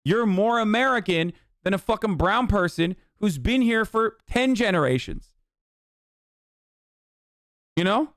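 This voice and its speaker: A man's voice: high voice, expressive, a little slow, long pauses, fairly bright tone, no echo, studio quality. A man streaming heated political commentary, ranting angrily and swearing constantly. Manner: profane, angry ranting.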